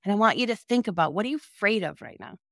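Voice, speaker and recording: A woman's voice: medium pitch, lively intonation, fast, fairly bright tone, no echo, studio quality. A woman coaching child care directors in a direct, encouraging and emphatic way. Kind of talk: motivational talk to camera.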